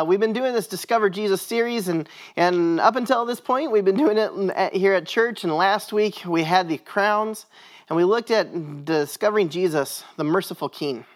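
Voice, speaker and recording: A man, a pastor, giving a sermon in church, telling a story in a conversational way. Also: high voice.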